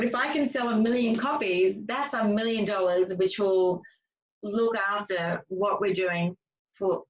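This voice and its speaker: A woman speaker and author telling stories in a casual, chatty way, with many fillers and restarts. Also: mid-range voice. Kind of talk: casual interview storytelling. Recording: distant, dull lo-fi sound.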